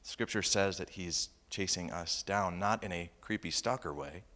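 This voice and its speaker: Lower-voiced male pastor telling stories. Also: moderate pace. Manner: humorous and animated, swinging from loud punchlines to quiet earnest asides. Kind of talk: sermon with personal storytelling.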